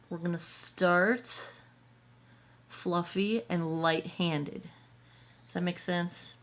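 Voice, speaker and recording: Brief: woman, lowish voice, chatty tutorial host explaining as she works, asks viewers if it makes sense. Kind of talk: casual step-by-step tutorial.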